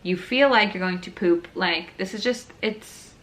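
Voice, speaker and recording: A woman's voice: mid-range voice, measured pace, a bit bright. A young woman telling her own birth story in a frank, casual, chatty way. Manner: candid, frank, chatty with many fillers.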